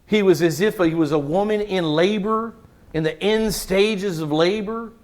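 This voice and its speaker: Male pastor, high voice, emphatic sermon delivery, quizzes the congregation. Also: unhurried. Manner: emphatic, repeats words for stress, asks the congregation questions.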